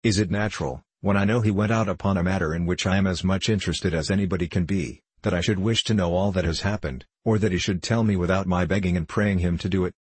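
A man's voice: low-pitched, steady tone, fast, hardly any pauses, husky, no echo. A man reading the part of a self-pitying, reproachful middle-aged wife in a storybook. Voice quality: complaining, reproachful.

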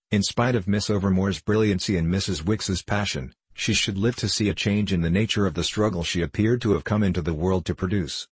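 A man reads a classic novel aloud in a measured, literary manner. His voice is very low and husky, and the recording is dry and close. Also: dry recording. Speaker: narrator. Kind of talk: audiobook reading.

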